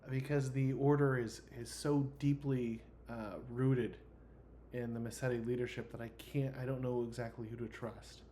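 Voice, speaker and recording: A man running a tabletop game, speaking for a character in a halting way with many pauses. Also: medium pitch, level tone, warm tone, slight background noise. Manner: hesitant, many ums and restarts. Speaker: game master. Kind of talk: voicing an NPC in a tabletop game.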